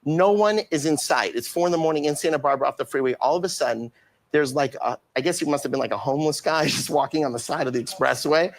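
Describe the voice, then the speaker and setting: A man's voice: a little high, fast. A man telling a long, funny anecdote as a talk show guest, laughing often and acting out the voices of the people in it. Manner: laughing storyteller, acts out voices.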